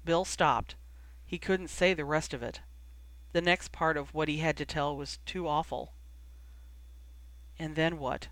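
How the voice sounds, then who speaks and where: A reader narrating a fan fiction audiobook in a measured, expressive way. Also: mid-range voice, no echo.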